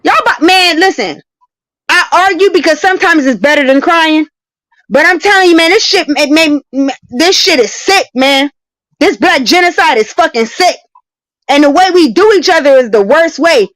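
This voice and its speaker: A confrontational woman fires off profane, repetitive challenges in a live-stream argument. Her voice sits very high and bright, cutting and sharp. The sound is dry and close, with no room around it. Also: lively intonation, moderate pace, no echo, low-quality recording. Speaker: debating guest.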